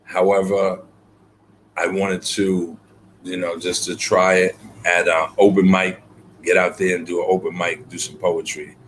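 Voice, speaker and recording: Deep-voiced man telling his story. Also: flat delivery, unhurried, fairly bright tone, a little hiss or hum. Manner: reflective, earnest, many fillers and repeated words. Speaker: guest poet. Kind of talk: storytelling in an interview.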